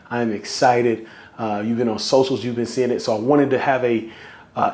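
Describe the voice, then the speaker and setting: Male podcast host, excitable and repetitive, mid-range voice. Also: mid-range voice. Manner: excited, repetitive, hype-driven. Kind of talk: solo podcast talk.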